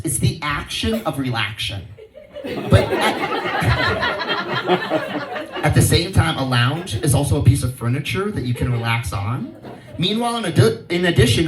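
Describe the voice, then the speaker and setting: A man's voice: fairly high pitch, noisy background. Laid-back man in his thirties doing stand-up. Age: 30s. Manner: laid-back stoner delivery with rhyming riffs. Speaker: stand-up comedian. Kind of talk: stand-up comedy set. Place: live comedy show venue. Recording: roomy live venue, distant mic, loud crowd laughter.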